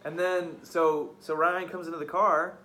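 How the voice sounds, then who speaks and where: A man's voice: fairly high pitch, level tone, unhurried, bright, forceful tone. A young man hosting a podcast, telling a story in casual, profane, heated chat. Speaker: podcast host.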